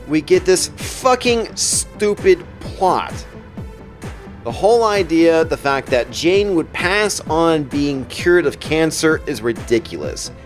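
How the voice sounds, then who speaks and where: A male comic book reviewer ranting in a sarcastic, profane way and dropping deadpan jokes. His voice is high and very animated, and faint music plays under it.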